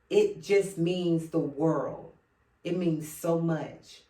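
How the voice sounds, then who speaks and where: A woman's voice: sits low, very slow, mellow. Woman in her thirties, heartfelt monologue, repeats herself, talks to listeners, echoey room, mic far off. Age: 30s. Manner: earnest, repeats key phrases, speaks directly to listeners. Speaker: speaker addressing men. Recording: roomy sound from a distant mic.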